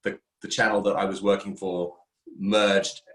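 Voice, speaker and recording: A man from Kent, England, with an English accent, speaking as an interview guest and recounting his career in an articulate, measured way. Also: low voice, little pitch movement, fairly bright tone, roomy sound, poor audio.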